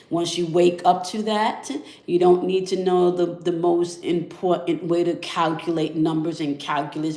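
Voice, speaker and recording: Calm woman with a low, echoey voice. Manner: calm, coaxing, ends phrases with "okay?". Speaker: spiritual reader. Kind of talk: guided energy check-in. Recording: echoey room.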